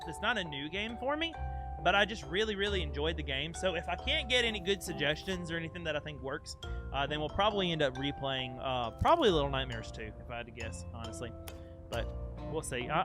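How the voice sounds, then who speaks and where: A young man streaming a game, chatting casually and playfully with his chat. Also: high-pitched. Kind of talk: casual live-stream chat over gameplay.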